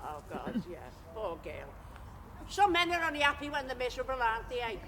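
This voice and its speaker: A woman's voice: on the high side, sing-song, brisk, crowd noise. An actress playing a gossipy, bawdy older woman in an independent living scheme. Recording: outdoor recording with clear background noise.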